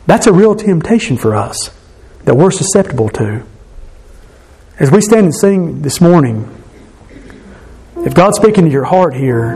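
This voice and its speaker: A man delivering a sermon in an earnest, conversational manner. His speaking voice sits a little higher than most men's. He often breaks off and restarts his sentences as he goes. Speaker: pastor.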